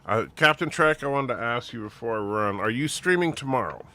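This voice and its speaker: A man's voice: mid-range voice, expressive, fairly quick, sharp tone, slight background noise. A man chatting casually and earnestly about his plans, rambling with lots of fillers. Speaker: show co-host and streamer. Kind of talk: casual chat.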